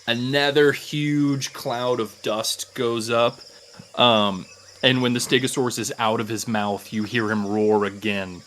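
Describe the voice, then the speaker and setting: A man narrating a tabletop game as game master, casual and halting, with frequent fillers. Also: fairly low pitch, a bit bright, slight background noise.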